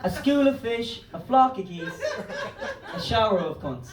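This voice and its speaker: Rambling Irish comedian in a roomy club. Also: male voice, high-pitched, animated, a little slow, heavy background noise. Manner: rambling, loose, swearing. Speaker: stand-up comedian. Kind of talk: stand-up comedy set. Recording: roomy club, distant mic.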